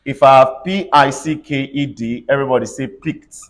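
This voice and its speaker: A man's voice: mid-range voice, moderate pace. Man, classroom teacher, pronunciation lesson, spells words aloud, call-and-response drills. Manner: spells words letter by letter and has the class repeat them.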